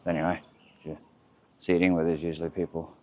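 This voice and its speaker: An Australian man narrates a walking vlog by a waterfront, rambling and chatting while muttering asides, filmed on a handheld camera. His low voice barely moves in pitch and he talks fast. The audio is dull and lo-fi, with faint outdoor noise.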